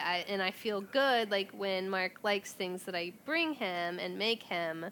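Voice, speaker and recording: A woman in casual podcast chat, thinking aloud with hesitant pauses. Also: medium pitch, fairly bright tone, slight background noise. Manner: thoughtful, hesitant, with frequent "um" and laughs.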